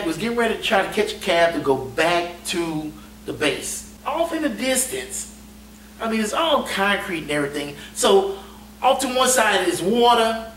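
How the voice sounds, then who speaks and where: A man tells a story with a lively, swooping voice, cursing freely and laughing often. He sits back from the mic in an echoey room, with a faint hum underneath. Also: sits high. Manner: animated, profane, laughs often. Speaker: navy veteran storyteller. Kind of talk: casual storytelling. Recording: roomy echo, distant mic, faint hum.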